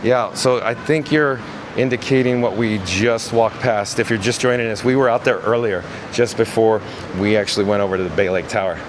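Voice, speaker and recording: A man's voice: fairly low pitch, brisk. A man hosting a live-stream tour of hotel hallways, chatting and reading viewer comments aloud. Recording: noisy handheld phone recording.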